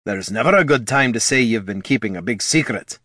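A man's voice: medium pitch, animated, fairly quick, pushed and bright, no room sound, clean studio sound. A man voicing a blunt, folksy veteran adventurer who worries about his party. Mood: earnest.

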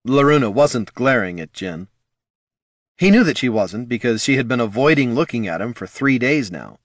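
A man with a medium-pitched voice narrates a fantasy audiobook expressively, telling the story at a moderate pace in studio-quality audio with no room sound.

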